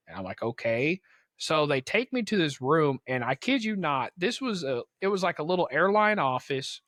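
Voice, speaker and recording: Young male podcast host, slightly high voice, dry close sound, slangy and animated storyteller. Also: moderate pace, dry recording. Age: young adult. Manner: animated, slangy, acts out quoted people. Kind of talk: casual storytelling.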